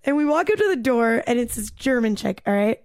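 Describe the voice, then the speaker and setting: A woman's voice: fairly high pitch, no echo, clean studio sound. Chatty young woman telling a story. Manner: animated, fast storytelling with lots of "like" and swearing. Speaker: podcast co-host telling a story. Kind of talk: casual storytelling chat.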